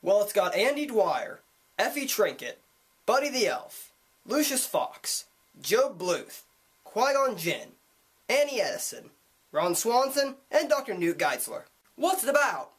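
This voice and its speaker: A young man reviewing a movie, excitable and gushing, with jokey asides. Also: high voice, measured pace, husky. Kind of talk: enthusiastic online movie review.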